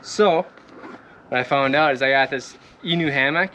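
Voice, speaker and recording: A young Minnesotan or Midwestern man gives a loose, rambling tour of his boat, with many "uh"s and quick laughs. His middle-pitched voice has a sharp tone. Clear background noise fills the outdoor recording, and he moves closer and farther from the camera on the boat.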